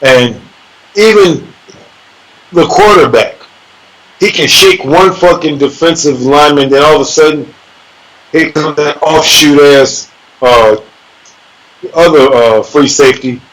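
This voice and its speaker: Animated, profane fighter telling stories. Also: male voice, fairly high pitch, measured pace, long pauses, low-quality recording. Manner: animated, acts out voices and sound effects. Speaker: interview guest, MMA fighter. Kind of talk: casual storytelling with profanity.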